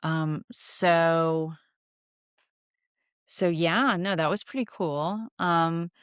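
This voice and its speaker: A woman's voice: fairly low pitch, steady tone, very slow, fairly bright tone, clean tone, no echo, clean studio sound. A young woman hosting a witchcraft podcast, telling stories and teaching in a candid, casual way, swearing freely and using many fillers. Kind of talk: casual storytelling lesson.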